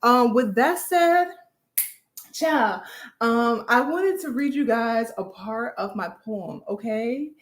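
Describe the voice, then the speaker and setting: A woman's voice: on the high side, lively intonation, takes it slowly, roomy sound. A woman hosting a casual motivational talk, upbeat and slangy, often checking in with her listeners. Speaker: host.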